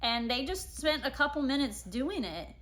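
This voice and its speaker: A woman's voice: high-pitched, lively intonation, normal speed, fairly bright tone. A woman in her thirties casually telling a personal family story, acting out her own past words.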